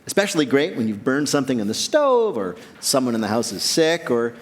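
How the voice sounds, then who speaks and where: A man's voice: medium pitch, big pitch swings, brisk. A man hosting a comic news quiz, joking and laughing at his own lines before a live audience. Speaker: quiz show host. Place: theater stage. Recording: live theater with long reverb and audience.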